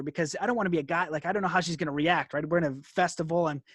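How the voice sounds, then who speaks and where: A young man telling a story as a guest in an interview, animated, laughing often and filling his talk with "like". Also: on the high side, rapid-fire, no room sound, clean studio sound.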